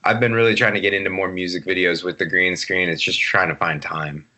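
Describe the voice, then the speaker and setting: Talking fairly quickly, a man in his late twenties joins a podcast by video call as a guest. The chat is casual, meandering, and full of swearing, delivered in a low, steady, bright, and forceful voice.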